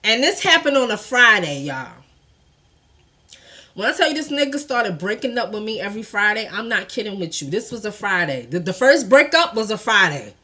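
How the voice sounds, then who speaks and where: A woman tells a personal story straight to her viewers in a casual storytime vlog. Her voice is bright and lively, with big swings of pitch. She is animated and expressive and swears freely. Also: normal speed.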